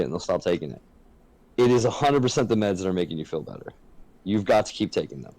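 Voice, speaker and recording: A man's voice: lowish voice, animated, quick pace, darkish tone, no echo, poor audio. A man co-hosting a casual podcast, talking frankly and earnestly and swearing freely. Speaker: podcast co-host.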